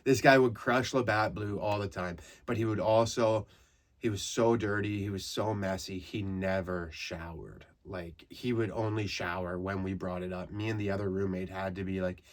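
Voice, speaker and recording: A Canadian comedian hosting a podcast speaks in a low voice at normal speed. In a casual comic style, he tells rambling, profane stories that grow loud and animated as he retells them.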